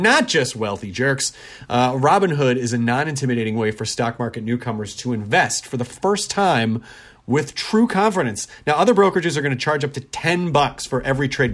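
A man's voice: medium pitch, fairly bright tone. A middle-aged man hosting a podcast, chatting casually with lots of fillers and easy laughs, reading listener notes and an ad. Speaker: podcast host. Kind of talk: casual podcast intro and ad read.

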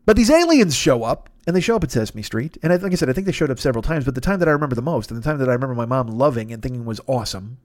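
A middle-aged man hosts a comedy podcast as a casual comic monologue, rambling through a story full of swearing, goofy sound effects and silly voices. His medium-pitched voice is expressive and very fast, with hardly any pauses. The recording is dry, with clean studio sound.

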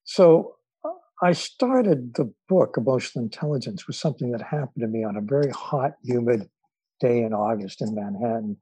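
Husky-voiced man telling stories. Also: mid-range voice, animated, dark tone, dry recording, low-quality recording. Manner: measured, with frequent fillers. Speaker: author and guest. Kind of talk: storytelling in an interview.

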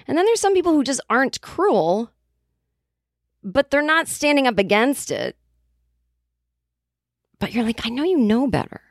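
A woman's voice: high voice, a little slow, long pauses, no room sound, studio quality. A woman podcast host telling a casual comedic story, acting out the quoted voices of other people as she goes. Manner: animated, acts out quoted voices.

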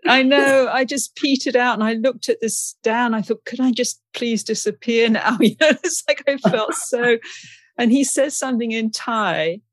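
A woman's voice: on the high side, moderate pace, no room sound. A woman from England, a guest in an interview, telling stories in a chatty, anecdotal way and laughing often. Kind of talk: storytelling in a conversation.

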